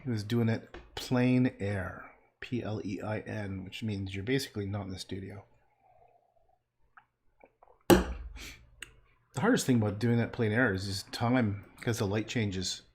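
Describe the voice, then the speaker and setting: A man's voice: lowish voice, fairly even intonation, unhurried, pauses often, a little hiss or hum. A man painting and chatting casually on a livestream, rambling and trailing off into muttered asides.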